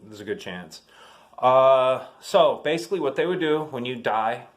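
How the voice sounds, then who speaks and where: A man in his fifties chats through an army story in a loose, rambling way. He circles back and restarts his sentences, like a veteran talking to friends. His voice sits at an everyday middle pitch. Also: animated, normal speed. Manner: rambling, chatty, many fillers and restarts. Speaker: army veteran showing family military keepsakes. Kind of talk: casual storytelling vlog.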